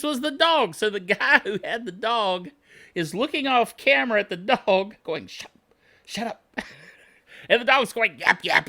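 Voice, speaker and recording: A man's voice: sits high, pushed and bright. A man hosting a tech tips show, griping like a self-styled curmudgeon, chuckling often and checking in with "okay?". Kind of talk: tech tips talk to camera.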